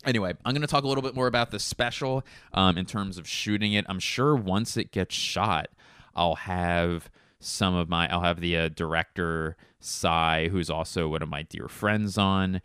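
A man's voice: low-pitched, moderate pace, fairly bright tone, smooth, no echo, clean studio sound. A young man hosting a podcast, telling a long, profane, rambling story and mimicking the people in it. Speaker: podcast host. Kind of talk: casual storytelling monologue.

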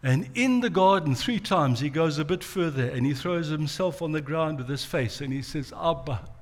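Guy preaching, acts out the story lines, kinda high voice. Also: animated, moderate pace. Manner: dramatic storytelling, acts out quotes. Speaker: pastor. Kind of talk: sermon.

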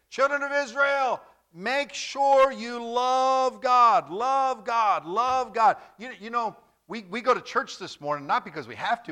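A man preaching a sermon as pastor, with lively, repetitive delivery and joking stories. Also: high-pitched.

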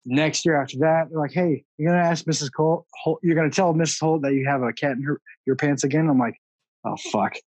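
A man hosting a casual podcast, laid-back and quick to laugh, swearing as he tells a school story. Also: fairly high pitch, darkish tone, no echo. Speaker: podcast host. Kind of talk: casual chat.

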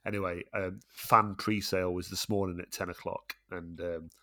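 A man's voice: low voice, flat delivery, moderate pace, sharp tone. A middle-aged man, a teacher and podcast co-host, telling rambling stories in casual chat with frequent chuckles.

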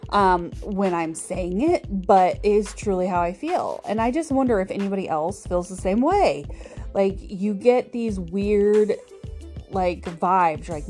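A woman's voice: medium pitch, animated, a little slow, darkish tone, soft background music. A woman hosting a podcast alone, chatting casually with many fillers and little laughs. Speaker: podcast host. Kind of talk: casual solo podcast monologue.

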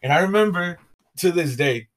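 A man's voice: high voice, lively intonation, moderate pace. A young man co-hosting a podcast, chatting casually in a rambling way with fillers and swearing. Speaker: podcast co-host. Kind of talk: casual chat.

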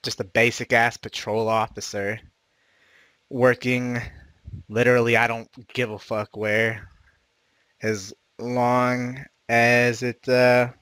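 A man's voice: lowish voice, a bit bright, no room sound. A man, hosting a casual group chat, swearing freely and talking loosely. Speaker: host.

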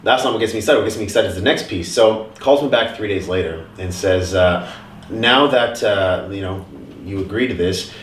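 A man hosting a casual group chat, telling stories in an animated way and swearing casually. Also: lowish voice, normal speed, a little hiss or hum. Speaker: podcast host. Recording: roomy, distant phone audio.

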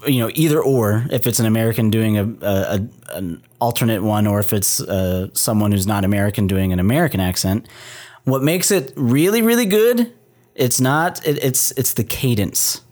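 A man co-hosting a casual movie podcast, rambling and swearing, with sudden jumps up in pitch when he gets excited. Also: moderate pace. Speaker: podcast co-host.

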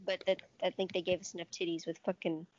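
A woman's voice: fairly low pitch, little pitch movement, quick pace, a little mellow, dull audio, slight background noise. A woman in casual podcast chat, blunt and swearing freely.

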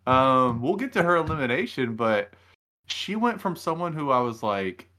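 A young man chatting casually as a podcast co-host, telling stories in a rambling, animated way. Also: mid-range voice, normal speed. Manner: rambling, animated storytelling with laughs. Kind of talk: casual reality-show recap chat.

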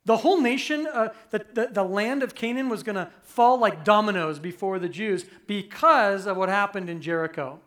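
A man preaching a conversational, animated sermon as pastor, acting out quick voices for humor. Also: sits high.

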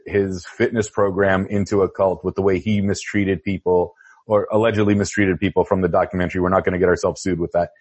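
A man's voice: fairly low pitch, a little mellow, highs cut off. A male interviewer asking casual, somewhat hesitant questions.

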